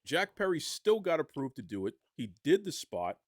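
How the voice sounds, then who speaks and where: A man giving impassioned podcast commentary, arguing forcefully and firing off rhetorical questions. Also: fairly high pitch, very animated, normal speed, no echo, clean studio sound.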